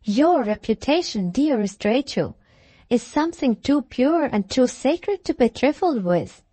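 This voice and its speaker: A smooth young gentleman who speaks in gentle, soothing tones, as a woman narrator voices him. He remonstrates softly rather than arguing. The sound is dry and close to the mic. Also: sits high, very animated, measured pace, dry recording, exaggerated voice.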